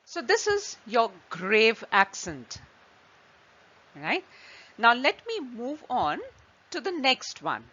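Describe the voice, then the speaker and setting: A woman's voice: on the high side, wildly swooping pitch, takes it slowly, pauses often, sharp tone, husky. A woman hosting an online French lesson, explaining patiently step by step with examples. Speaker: French teacher. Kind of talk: slow online language lesson. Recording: slightly dull lo-fi recording.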